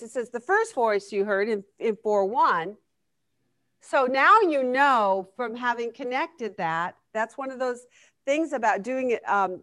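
A woman's voice: high-pitched, fairly bright tone, no echo. A woman teaching a Bible study class in a conversational way, often asking the group questions. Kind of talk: interactive Bible lesson.

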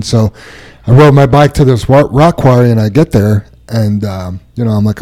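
A man's voice: mid-range voice, steady tone, brisk, warm tone. A man hosting a casual group chat, telling funny anecdotes and jokes and laughing along. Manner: jokey storyteller, laughs easily. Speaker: host.

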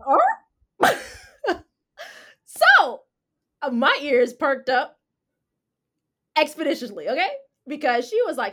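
Hosting a podcast, a woman with a high-sitting voice talks a little slowly, leaving long pauses. She tells a story in a casual chat, animated and full of slang, acting out what people said.

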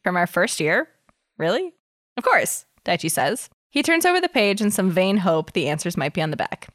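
A woman co-hosting a chatty podcast, reading a story aloud with lots of laughter and lively voicing of the dialogue. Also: on the low side, moderate pace, no echo, studio quality. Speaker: podcast co-host reading fan fiction aloud. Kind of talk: casual chat and dramatic reading.

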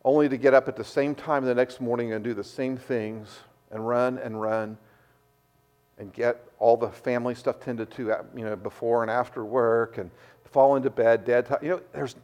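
A middle-aged man preaching a sermon, repeating words as he restarts, telling stories in a lively way. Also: medium pitch. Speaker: pastor.

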